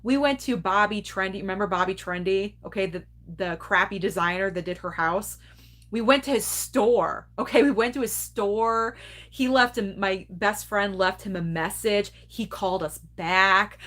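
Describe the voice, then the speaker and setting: A woman's voice: mid-range voice, normal speed, bright, forceful tone. A woman of around forty hosting a casual movie club livestream, chatting candidly with viewers, reading out their comments and laughing often.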